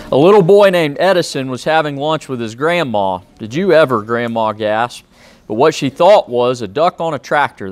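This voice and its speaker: A police officer reading a children's picture book aloud, with friendly, plain-spoken asides to young listeners. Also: male voice, medium pitch. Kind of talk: children's storybook read-aloud.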